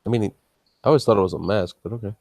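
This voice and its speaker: A man's voice: lowish voice, very fast, gravelly, darkish tone, no room sound. A man co-hosting a casual livestream, tossing in dry, sarcastic quips. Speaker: stream co-host.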